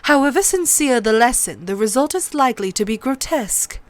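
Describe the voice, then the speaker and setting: A woman reading aloud, voicing a witty, sharp-tongued small nobleman with a dry, wry delivery. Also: fairly high pitch, lively intonation, a little fast, no echo, pitched above the performer's own voice, close to an everyday voice.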